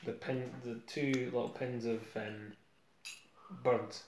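A man's voice: medium pitch, fairly even intonation, takes it slowly, slight background noise. A man chatting eagerly about comics as a co-host, easygoing and chatty. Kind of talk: casual chat about comics. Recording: roomy echo.

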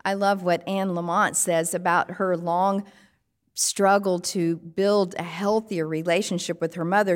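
A woman pastor giving a sermon, measured and reflective, posing strings of rhetorical questions. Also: lowish voice, long reverb tail.

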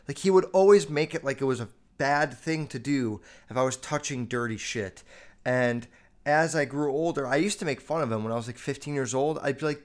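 A young American man hosting a casual solo podcast, telling stories in a loose, profane, animated way. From United States. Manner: profane, animated storytelling with quick jumps in pitch and loudness. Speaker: podcast host.

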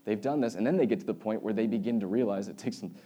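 A man's voice: fairly low pitch, quick pace, mellow, breathy edge. A man giving a sermon in a conversational, storytelling way, with wry asides and humor. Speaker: preacher.

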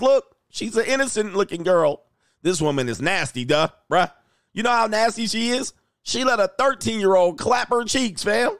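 A young man giving casual, crude reaction commentary, loud and animated, laughing often. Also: high voice, moderate pace, clear, resonant tone, no room sound, studio quality.

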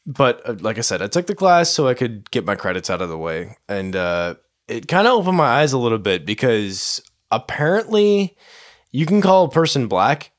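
A young man, a podcast co-host, talking casually in a halting way, with many restarts and some swearing. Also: medium pitch, very animated. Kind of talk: casual chat.

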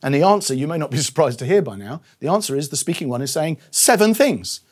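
A man delivers a sermon in a relaxed, conversational tone. His voice sits a little high and sounds husky. He acts out quoted lines, jumping up in pitch and dropping to a near murmur. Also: quick pace. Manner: conversational, animated, quoting voices with shifts in pitch and volume. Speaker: preacher.

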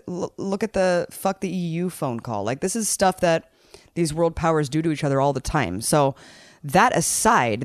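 A host giving animated political commentary in casual chat. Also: female voice, low voice, no echo, clean studio sound. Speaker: show host.

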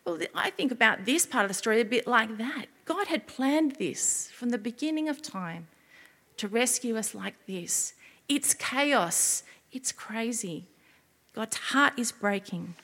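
A woman giving an expressive children's sermon as a preacher, often asking her listeners questions. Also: fairly high pitch, unhurried, big-room sound.

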